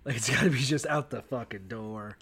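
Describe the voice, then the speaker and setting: A man's voice: mid-range voice, fairly quick, fairly bright tone, slightly rough. A man co-hosting a podcast, chatting casually and profanely, laughing often and slipping into mock voices. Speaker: podcast co-host. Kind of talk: casual comedic chat.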